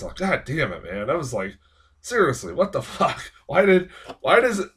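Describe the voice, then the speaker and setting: A man's voice: fairly high pitch, big pitch swings, moderate pace, a bit bright, husky. A man giving a casual spoken film review, rambling and swearing constantly with many fillers as he rants in exasperation. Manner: rambling and heavily profane, with frequent fillers; exasperated ranting. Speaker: movie reviewer.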